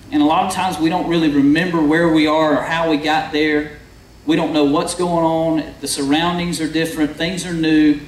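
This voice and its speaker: A young man preaching a sermon, telling a story in a chatty way and asking the crowd questions. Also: fairly high pitch. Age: young adult. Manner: conversational storytelling, addresses the crowd. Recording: echoey hall from far off, faint noise.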